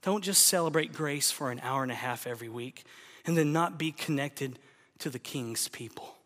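A man preaching a sermon as pastor, emphatic, swinging between loud exhortation and hushed appeals. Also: medium pitch, normal speed, in a large hall.

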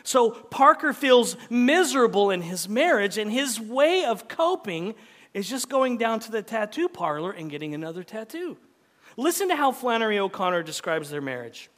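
A man preaching a sermon, reading a story aloud with dramatic swings from loud lines to hushed ones. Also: sits high, very animated, moderate pace. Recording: long hall reverb.

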